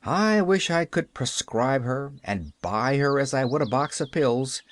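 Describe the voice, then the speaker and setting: A man's voice: mid-range voice, lively intonation, a little slow, dry recording, lightly acted. A man reading an audiobook, voicing a whimsical country doctor with a wry, joking manner. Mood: amused. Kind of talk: audiobook character voice.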